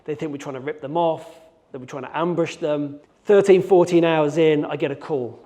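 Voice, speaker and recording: On a big hall's stage, with long reverb trailing each line, a middle-aged Birmingham man who works as a hostage negotiator gives a keynote. Slightly high in pitch with a dark tone and moderate pace, he acts out scenes and his own thoughts while telling a dramatic story.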